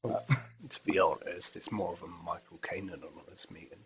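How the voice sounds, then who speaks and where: Man, podcast co-host, casual chat, dry quips, low voice, faint background noise. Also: fairly even intonation, normal speed, fairly bright tone. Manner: dry teasing quips, mutters asides.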